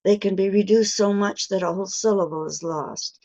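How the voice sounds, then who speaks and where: An older woman teaching pronunciation in a webinar lecture, speaking deliberately and stretching key words for emphasis. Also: medium pitch, mellow. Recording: dull lo-fi webinar audio.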